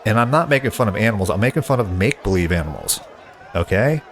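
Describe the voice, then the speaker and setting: A man's voice: lowish voice, animated, fast talker, a faint crowd, a little hiss or hum. A man hosting a comedy podcast, exasperated and casual in a sketch. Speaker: podcast host.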